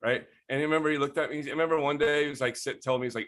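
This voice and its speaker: A man telling stories in a casual, profane, animated way, often laughing, as a guest on a podcast. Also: on the high side, very fast, few pauses. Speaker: guest grower. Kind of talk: casual storytelling.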